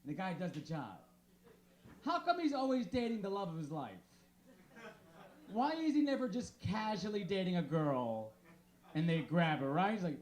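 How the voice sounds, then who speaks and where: A man in his thirties works a small bar crowd with deadpan one-liners. His voice sits high and swings widely in pitch, and he talks into a handheld stage mic. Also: moderate pace, long pauses. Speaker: stand-up comedian. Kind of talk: stand-up comedy set.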